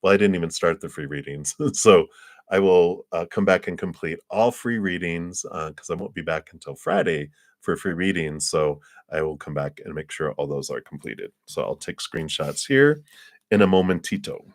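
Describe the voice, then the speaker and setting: A man's voice: sits low, animated, normal speed, no echo, clean studio sound. A man giving a live tarot card reading in a casual, chatty way, laughing often and acting out little scenes. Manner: acts out little scenes in quoted voices.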